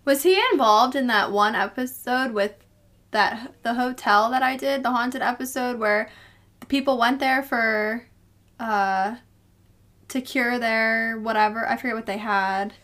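A woman co-hosts a casual true crime podcast with a somewhat high voice. She reacts with drawn-out exclamations and a little swearing as she listens to the story. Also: fairly even intonation, fairly bright tone.

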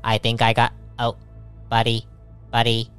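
A man voicing an eager companion character in a tabletop game, talking excitedly and stammering. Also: medium pitch, measured pace, soft background music, close to an everyday voice. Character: eager companion searching with a device.

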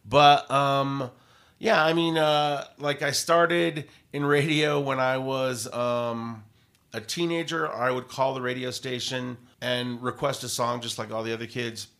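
A man, a radio host and podcaster, telling stories in a casual interview, rambling and animated with many fillers. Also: medium pitch, a little slow.

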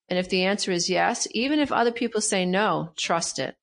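A middle-aged woman speaks as a guest coach, her pitch sitting right in the middle. She presses her points with emphatic energy and often says them twice. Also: normal speed, hardly any pauses. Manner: emphatic, repeats key phrases, animated. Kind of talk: interview conversation.

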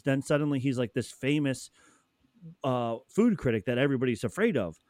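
A man's voice: mid-range voice, moderate pace, darkish tone, no echo. A man in casual chat, talking loosely with many fillers. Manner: loose, filler-heavy, laughs easily.

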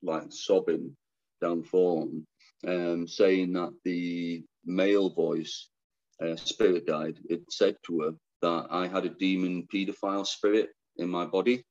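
Deep-voiced man, halting and frank. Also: little pitch movement, a little mellow, dull audio. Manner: halting, restarts often, speaks frankly. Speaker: guest telling his story. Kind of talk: candid personal storytelling.

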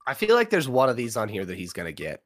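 Playful, lively podcast guy from Massachusetts. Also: mid-range voice, fast talker. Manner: playful and teasing, encouraging the guesser. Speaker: podcast co-host. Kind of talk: casual podcast banter.

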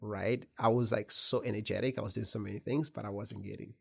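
A young man recounts his childhood as a guest in a conversation. His voice sits low and has a gravelly rasp to it. He tells it with energy, slipping into the voices of the people he quotes. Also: brisk. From Zimbabwe. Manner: animated, acts out quotes, laughs while telling. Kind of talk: personal storytelling in conversation.

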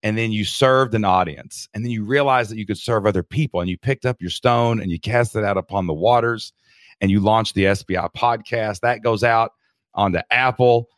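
Heartfelt man, low voice, calling everyone dude. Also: normal speed, dry recording, clean studio sound. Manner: emotional, heartfelt, says "man" and "dude" a lot. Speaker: podcast guest. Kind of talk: casual interview chat.

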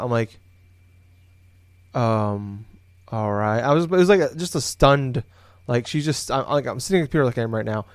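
A man's voice: medium pitch, expressive, moderate pace, long pauses, dry recording, studio quality. A man co-hosting a podcast, telling a long story casually from his home office, rambling with many fillers and restarts. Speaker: podcast co-host.

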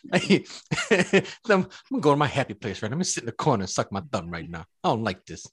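A man's voice: medium pitch, big pitch swings, fairly quick, husky, dry recording. Man, podcast co-host, casual banter, slangy, swears, laughs a lot, dry close sound.

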